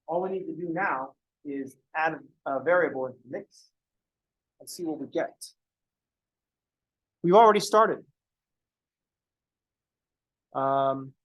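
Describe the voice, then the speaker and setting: A man's voice: a little high, fairly bright tone, poor audio. A man teaching a math class, lecturing casually and going off on joking, rambling asides to his students in a classroom. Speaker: math professor.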